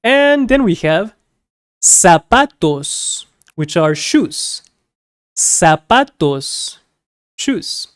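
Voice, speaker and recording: Slow, careful woman teaching Spanish. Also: mid-range voice, very animated, no echo, studio quality. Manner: slow, careful repetition of words. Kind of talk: beginner language lesson.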